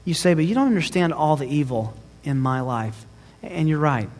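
A man's voice: on the high side, expressive, moderate pace, a little mellow. Emphatic male preacher in a reverberant hall. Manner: emphatic preaching, builds lists with rising force. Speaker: pastor. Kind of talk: sermon.

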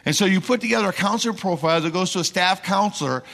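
A middle-aged missionary preacher tells stories during a sermon in a church sanctuary, animatedly acting out the people he quotes. His voice is high-pitched, quick, and gravelly, and the large hall gives it a long reverb.

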